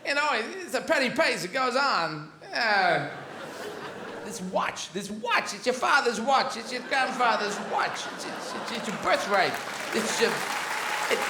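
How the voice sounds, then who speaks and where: A drawling, oddly paused male actor mangling Shakespeare, as a comedian puts him on. His pitch leaps all over, and the voice echoes through a big theatre. Loud audience laughter rolls underneath. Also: very animated, crowd noise, noisy background, full character voice. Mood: deadpan. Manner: halting, odd pauses, rambling.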